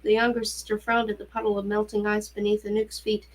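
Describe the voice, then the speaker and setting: A woman reading a novel aloud in a steady, even narrating voice. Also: mid-range voice, fast, hardly any pauses, rough recording. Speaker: reader. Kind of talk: audiobook-style novel reading.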